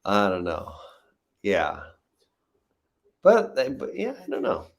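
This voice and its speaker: A man's voice: on the low side, huge pitch swings, slow, creaky. A man, a visiting guest, chatting casually on a live stream and telling rambling stories full of fillers. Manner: rambling, filler-heavy storytelling.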